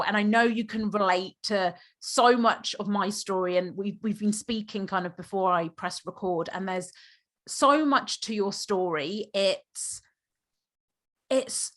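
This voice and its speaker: An earnest woman hosts a heartfelt podcast conversation. Her voice sits at an ordinary middle pitch, and she speaks with feeling and sincerity. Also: fairly bright tone. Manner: earnest, gets emotional. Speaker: podcast host. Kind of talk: emotional podcast interview.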